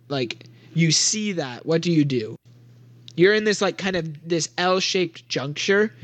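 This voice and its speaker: In a voice on the high side, recorded with no echo and the highs cut off, a young man narrates as game master of a tabletop RPG. He's giggly and rambles, filling his speech with "like" and other fillers.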